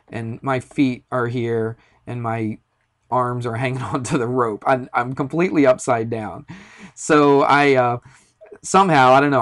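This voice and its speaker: A man teaching a math class, explaining slope in a chatty, storytelling way with asides. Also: medium pitch. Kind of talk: classroom lecture with a personal story.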